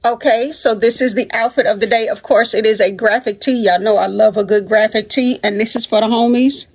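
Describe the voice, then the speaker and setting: A woman hosts a casual vlog in an upbeat, uplifting way, cheering her viewers on with faith-filled encouragement. She sprinkles her speech with endearments like honey and sweetheart. Her husky voice is fairly high-pitched and fairly quick.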